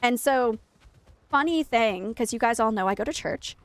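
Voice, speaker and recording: Chatty higher-voiced woman streaming a game. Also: moderate pace, clean tone. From Maine, United States. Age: 30s. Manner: chatty and animated, talking to her chat while playing. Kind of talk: casual livestream chat while gaming.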